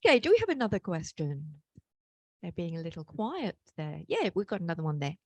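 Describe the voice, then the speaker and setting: Low-voiced woman moderating a panel. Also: huge pitch swings, a little fast, dry recording.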